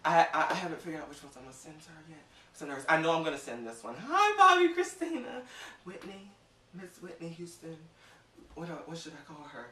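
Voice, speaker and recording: A man hosting his own vlog in a theatrical, gushing way, swinging from loud outbursts to near-whispers. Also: fairly high pitch, quick pace, recorded from a distance. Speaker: vlog host. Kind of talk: excited vlog monologue. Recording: echoey room, voice set back from mic.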